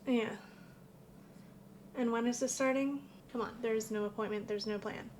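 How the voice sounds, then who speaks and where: A sarcastic woman with a fairly high voice reacts to a clip, exasperated and swearing freely as she picks it apart. A faint hiss of background noise sits under her casual commentary. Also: fairly even intonation, moderate pace, a little mellow. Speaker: co-host of a reaction show.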